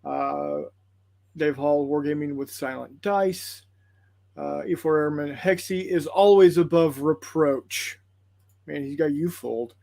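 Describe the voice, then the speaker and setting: A man with a twang hosts a tabletop gaming livestream, reading out viewer comments in a rambling, folksy way full of "uh" and "um." His voice sits fairly high for a man. The sound is dry and close, with no room echo. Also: sing-song, slow pace, gravelly, mellow. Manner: rambling, apologetic, folksy with fillers.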